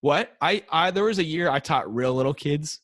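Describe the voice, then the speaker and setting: Animated American man telling stories. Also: on the high side, moderate pace, no echo. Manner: animated storyteller, acts out kids chanting. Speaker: high school teacher and guest. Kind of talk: casual interview storytelling. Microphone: wearing a mic.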